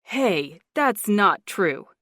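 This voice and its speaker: A woman's voice: medium pitch, very animated, drawn-out words, fairly bright tone, no room sound, studio quality, full character voice. A woman narrator voicing a stubborn, reserved man who speaks in a guarded way.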